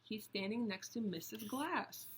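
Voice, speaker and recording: A woman reading a picture book aloud, slow and deliberate, stopping to point out the pictures. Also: medium pitch, slight background noise. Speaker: storybook reader.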